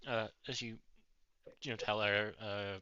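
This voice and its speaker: A man narrating a tabletop game as game master, halting with many fillers. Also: on the low side, level tone, pushed and bright, smooth, dry recording. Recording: dull, dry lo-fi audio.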